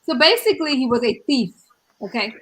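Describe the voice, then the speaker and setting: South african lady hosting a podcast, kinda high voice, animated and emphatic. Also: a little fast, slight background noise, poor audio. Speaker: podcast host. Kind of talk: casual chat.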